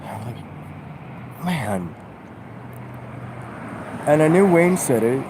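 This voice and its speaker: A man vlogging a halting, musing spiritual monologue, full of fillers. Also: fairly high pitch, expressive. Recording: outdoor traffic noise.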